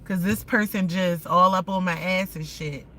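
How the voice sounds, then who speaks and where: A woman's voice: fairly low pitch, fairly even intonation, normal speed, bright, forceful tone, slight background noise, low-quality recording. A woman in her thirties livestreaming from inside her car as she drives, ranting in a heated, profane, rambling way. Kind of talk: ranting live stream while driving. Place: inside a car while driving.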